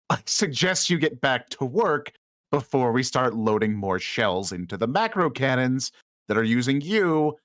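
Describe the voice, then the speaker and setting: A man voicing a pompous starship captain making a slow, stern speech to his crew over the intercom. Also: medium pitch, a bit bright, dry recording, clean studio sound.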